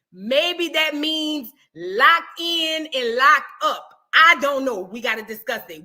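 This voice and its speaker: Animated, bright-voiced woman streamer. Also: high-pitched. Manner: animated, chatty, reads viewer comments aloud. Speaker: livestream gossip host. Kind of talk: casual live-stream chat.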